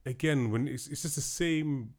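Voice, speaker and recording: A man holding forth in a relaxed podcast conversation about films. He is opinionated and sarcastic, slipping into mocking little impressions. His voice sits at an ordinary middle pitch. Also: normal speed. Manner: opinionated, sarcastic, mocks with put-on quotes. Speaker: podcast co-host. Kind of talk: casual film chat.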